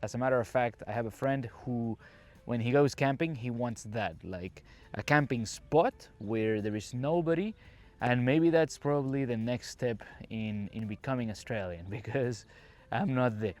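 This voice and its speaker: Walking through an outdoors campsite, a male English teacher from the Caribbean chats to his podcast listeners in a friendly, explanatory way, recording on his phone. His mid-range voice moves at a normal speed and carries a slight mellowness.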